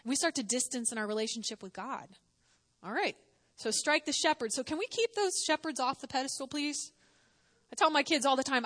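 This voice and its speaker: A woman's voice: high-pitched, animated, brisk, pauses often, a bit bright. Conversational woman preacher. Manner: conversational, asks the audience questions, dramatizes quotes. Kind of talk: sermon.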